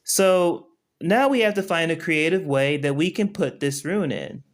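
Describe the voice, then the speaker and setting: A man with a fairly high voice leads a relaxed live-stream lesson. He talks straight to his viewers and keeps asking whether they can see what he is doing. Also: a little slow. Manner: conversational, keeps checking in with viewers. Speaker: spiritual teacher. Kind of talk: casual live-stream tutorial.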